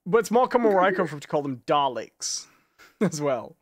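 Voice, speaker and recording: A man with an English accent co-hosting a casual chat, opinionated and quick to laugh. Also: fairly high pitch, very animated, dry recording, studio quality. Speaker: co-host.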